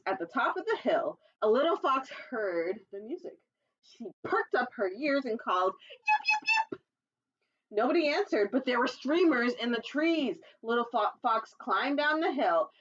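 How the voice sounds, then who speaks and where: A woman who works as a children's librarian reads a picture book aloud at storytime, breaking off for playful, chatty remarks to the little ones and squeaking out animal noises. The recording sounds muffled.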